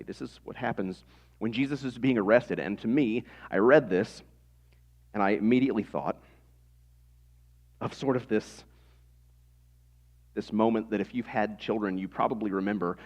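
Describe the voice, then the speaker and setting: A man's voice: lowish voice, moderate pace, pauses often. A man in his thirties preaching a sermon in a conversational way, with rhetorical questions to the congregation. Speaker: pastor.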